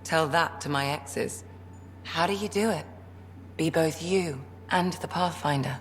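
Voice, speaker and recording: A woman's voice: deep voice, measured pace, soft background music. An actress playing a wry female ship doctor in a video game, dry and teasing. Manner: dry, teasing and self-deprecating.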